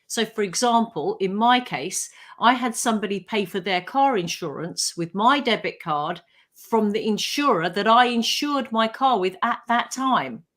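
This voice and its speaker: A woman speaks as a radio show's legal expert. She explains things clearly and at a measured pace. Her voice sits at an ordinary pitch for a woman. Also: lively intonation, fairly bright tone. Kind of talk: radio talk show explanation.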